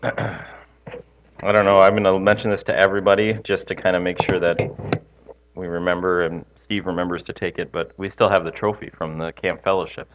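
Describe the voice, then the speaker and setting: A man leads prayer and tells a story to his congregation in a relaxed, rambling sermon. His voice sits a little low but sounds bright and forward. He often stops to restart his sentences and pokes fun at himself. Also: muffled recording. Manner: hesitant, self-deprecating, many fillers and restarts. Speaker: pastor.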